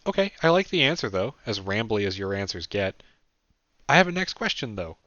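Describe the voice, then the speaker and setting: A man voicing a teasing, deadpan young woman interviewer in an audiobook, asking dry pointed questions. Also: fairly low pitch, brisk, no echo. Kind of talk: audiobook character voice. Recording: dull dry lo-fi recording.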